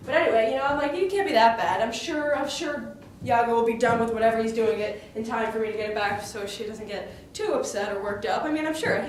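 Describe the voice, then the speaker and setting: A woman's voice: a little high, fast, few pauses, slight background noise. A woman retelling a play in character in a casual way, full of fillers like "like" and "you know.". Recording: echoey room, voice far from mic, music behind.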